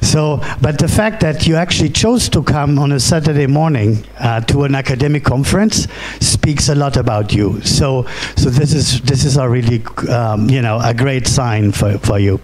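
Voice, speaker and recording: A middle-aged man from Germany with a German accent gives a conference keynote, halting with fillers and restarts and often asking "right?". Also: fairly high pitch, a little mellow, slight background noise. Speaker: keynote speaker. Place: conference hall.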